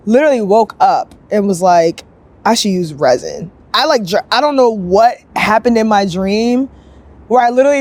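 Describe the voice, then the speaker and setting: A young woman sculptor with a mid-range voice tells her story in a casual, upbeat interview. Chatty and lively, she talks in quick bursts and acts out other people's lines as she goes.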